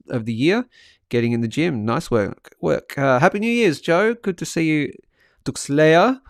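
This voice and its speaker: A man hosting a live market stream in a casual, upbeat way, reading out viewers' chat messages with quick asides. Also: mid-range voice, no room sound, clean studio sound.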